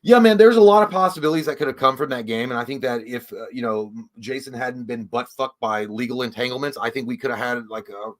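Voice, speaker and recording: A male livestream host in casual chat mode, talking at an ordinary middle pitch. He reads viewer messages out loud and riffs on them loosely, dropping curse words and little chuckles along the way. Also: fast, few pauses. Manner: swears freely, chuckles often, loose and rambling.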